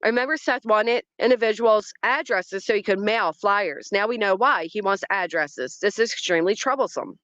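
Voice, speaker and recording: A woman's voice: mid-range voice, moderate pace, few pauses, a bit bright, no echo, dull audio. A woman hosting a casual livestream outdoors, dramatic and talking straight to her chat. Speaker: livestream host. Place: outdoors in a yard by trees.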